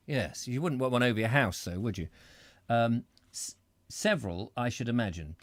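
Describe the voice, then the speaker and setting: Middle-aged male host, rambling and chatty, very animated pitch, dry close sound. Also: normal speed, dry recording. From Britain. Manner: rambling, self-interrupting, chatty asides. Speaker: reader and host. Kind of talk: live reading with chat comments.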